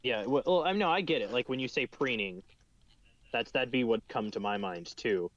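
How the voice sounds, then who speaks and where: A man's voice: medium pitch, lively intonation, moderate pace, a bit bright, no echo. A man playing a tabletop game who often stops and restarts his sentences. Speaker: player. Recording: dull lo-fi mic.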